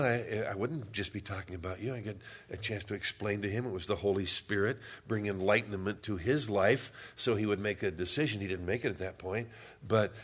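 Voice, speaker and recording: A pastor giving a sermon in a conversational, humorous storytelling manner. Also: male voice, medium pitch, breathy edge.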